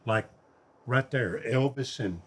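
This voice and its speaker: An older man, hosting and telling animated stories about his paintings and friends. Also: mid-range voice, takes it slowly, slightly rough. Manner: animated storyteller, quotes friends in their voices. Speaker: host, singer and painter. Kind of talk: storytelling conversation.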